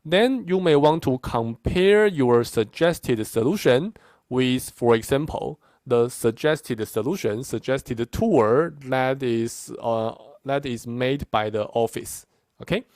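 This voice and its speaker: A middle-aged man gives a university lecture at a mid pitch. He is emphatic and repeats his points, often checking in with "okay?". The sound is dry and close. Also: slow, darkish tone, no room sound. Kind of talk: classroom lecture.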